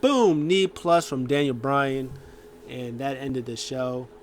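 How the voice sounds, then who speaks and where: A man's voice: medium pitch, slow, a little hiss or hum. A man hosting a casual show, rambling through a recap with lots of fillers and acted-out quotes. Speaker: show host.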